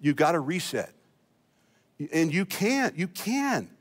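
A middle-aged male pastor delivers a sermon in a slightly high voice. He talks in a folksy, self-deprecating way and stumbles over restarts and repeated words. His voice rings with the long reverb of a church hall. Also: big pitch swings, slow pace. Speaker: senior pastor. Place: church sanctuary.

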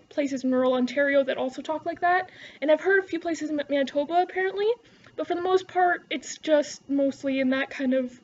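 A Canadian woman with a Canadian accent talks casually to her camera, rambling and sarcastic. Her voice sits high, and the home recording sounds slightly dull and lo-fi. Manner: rambling, sarcastic, laughs often. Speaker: vlogger.

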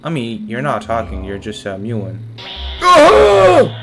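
A man's voice: lowish voice, moderate pace. A man giving casual, joking let's play commentary on a game, using slang and talking to his viewers. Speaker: gaming streamer. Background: guitar music.

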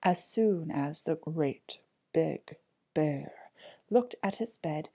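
A woman reads an old fairy tale in a breathy, gentle voice, slow and unhurried. Her pitch rises and falls widely, and she drops some words to a whisper. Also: animated. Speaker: storybook reader. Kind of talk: reading a fairy tale aloud.

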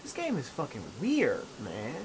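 Young man, gamer commentary, frustrated and cursing, jumpy pitch, noise behind. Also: a little slow. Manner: profane, frustrated, with excited outbursts. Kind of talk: live commentary over gameplay. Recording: noisy capture over game audio. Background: game sounds.

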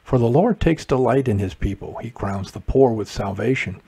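A man leading morning prayer, reciting psalms and responses in a measured liturgical way. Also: medium pitch, expressive, creaky, warm tone, breathy edge. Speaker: prayer leader.

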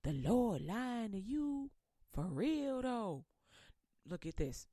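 A woman voicing a sly male devil who whispers and coaxes in a low, hushed, conspiratorial way. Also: big pitch swings, takes it slowly, dry recording, clean studio sound, full character voice. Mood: coaxing.

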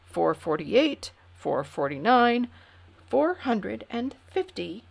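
A woman reading a children's storybook aloud in an expressive way, dropping to whispers for suspense. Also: mid-range voice, slow pace, gravelly. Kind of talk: reading a picture book aloud.

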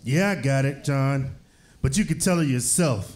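A man's voice: mid-range voice, normal speed, darkish tone, close to an everyday voice. A man reading the part of a loyal cop who reassures a friend over the radio in a comedic live script reading. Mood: urging. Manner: reassuring, urging.

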